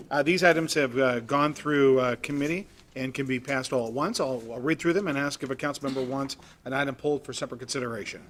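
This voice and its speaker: A man serving as mayor, chairing a council meeting in a brisk, procedural way with a light touch of humor. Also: medium pitch, fairly bright tone. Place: council chamber.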